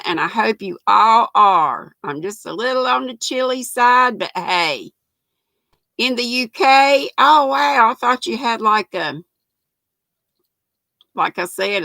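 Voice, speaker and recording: A woman's voice: a little high, gravelly, bright, forceful tone, no echo, poor audio. An older woman, hosting a knitting livestream, chatting folksily and greeting viewers by name. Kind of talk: casual live chat reading comments.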